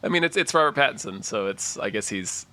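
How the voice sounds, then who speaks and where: A man's voice: fairly low pitch, lively intonation, fast, pushed and bright. A man co-hosting a podcast, chatting casually about movies with laughing asides. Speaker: podcast co-host. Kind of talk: casual chat.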